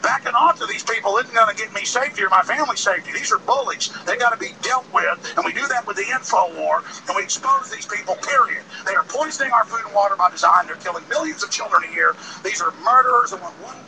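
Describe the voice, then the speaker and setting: A man's voice: sits high, gravelly. A man hosting a live broadcast outdoors by a road, with an impassioned, ranting, emphatic delivery. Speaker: host. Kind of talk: fiery outdoor protest broadcast. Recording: distant mic, loud street noise.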